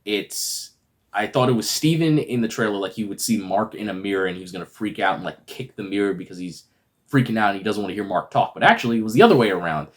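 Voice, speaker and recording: A man's voice: lowish voice, lively intonation, fast. A man giving a casual, rambling review that recaps a TV episode and is full of fillers. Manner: rambling, filler-heavy retelling. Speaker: video reviewer.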